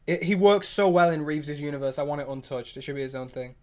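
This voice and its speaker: Excitable higher-voiced male streamer. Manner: excitable, rambling, quick restarts and opinionated asides. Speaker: livestream host. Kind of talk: casual livestream chat, reacting to viewer comments.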